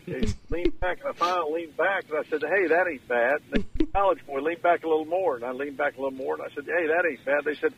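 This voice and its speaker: A man's voice: fairly high pitch, expressive, quick pace, creaky, lo-fi sound, slight background noise. Folksy man phoning in. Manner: folksy, emotional storyteller. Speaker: guest, former governor. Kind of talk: phone-in radio interview. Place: in his car.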